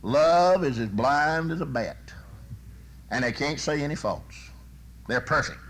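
A man preaching a sermon, telling folksy stories and swinging from loud bursts to soft, low asides. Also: lively intonation, unhurried.

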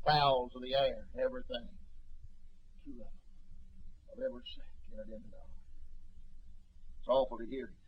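Husky preacher, fervent sermon. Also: male voice, medium pitch, highs cut off. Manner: fervent storytelling preacher, swinging from hushed to shouting. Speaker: pastor.

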